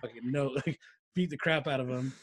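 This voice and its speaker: Young man, podcast co-host, rapid-fire, raspy edge, animated, acts out quotes. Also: medium pitch. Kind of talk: casual storytelling chat.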